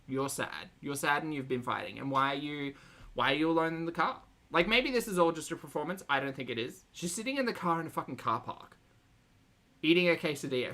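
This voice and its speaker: A woman's voice: sits low, fairly bright tone. A woman streamer casually commenting on a video, chatty and sarcastic, swearing and laughing often. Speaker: reaction streamer.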